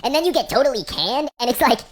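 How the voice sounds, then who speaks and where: A young woman tells a deadpan comic story, sounding exasperated and sarcastic in a casual, slangy way. Her voice sits fairly high and swoops around a lot, and music plays behind her. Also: fast talker. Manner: exasperated, sarcastic, valley-girl phrasing. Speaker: comedic storyteller.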